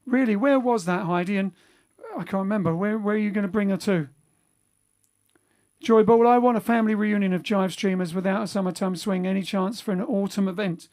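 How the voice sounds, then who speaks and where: At home during lockdown, a man with a high, slightly mellow voice talks fairly fast while hosting a livestream for his band. His chat is casual and rambling, with many fillers and restarts, and he reads viewer comments out loud.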